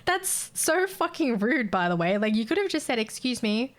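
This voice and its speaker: A woman's voice: high-pitched, very animated, normal speed. Blunt, sweary Australian woman streamer. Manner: blunt, sweary, laughs often. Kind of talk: casual chat with viewers.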